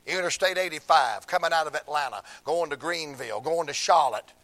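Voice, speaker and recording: An older man, preaching a sermon through emotional stories, swinging from hushed tones to shouts. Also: mid-range voice.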